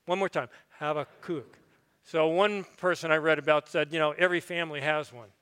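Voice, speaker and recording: A man's voice: a little high, fairly even intonation, fast talker, a bit bright, smooth. A middle-aged man preaching a sermon as pastor, folksy and conversational with frequent fillers, in a church sanctuary. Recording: long hall reverb.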